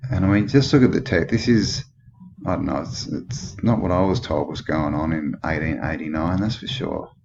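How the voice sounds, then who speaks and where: Deep-voiced Australian man musing aloud. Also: moderate pace. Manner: musing, skeptical, thinks aloud with many questions. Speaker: channel host. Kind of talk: rambling commentary over old photos. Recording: dull lo-fi with clear background noise.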